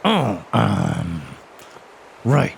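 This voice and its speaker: A man playing a tabletop game, talking slowly and stammering. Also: lowish voice, sing-song, creaky, a little hiss or hum. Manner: slow, stammering. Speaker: player.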